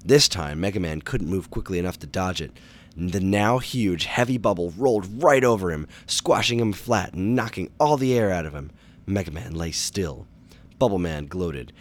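Deep-voiced man reading a storybook. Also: normal speed. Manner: animated, dramatic storytelling. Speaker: storybook reader. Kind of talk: audiobook narration for children.

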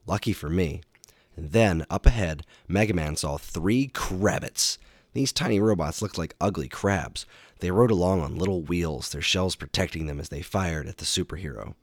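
Deep-voiced man reading a storybook. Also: normal speed, no room sound, clean studio sound. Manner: animated, dramatic storytelling. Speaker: storybook reader. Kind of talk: audiobook narration for children.

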